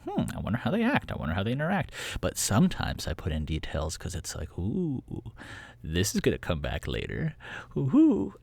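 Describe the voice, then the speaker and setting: A man's voice: on the low side, no room sound. A man hosting his own podcast in casual solo chat, rambling and giggling through tangents, recorded in a small closet. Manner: rambling, giggly, prone to tangents and silly voices. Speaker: podcast host and series creator.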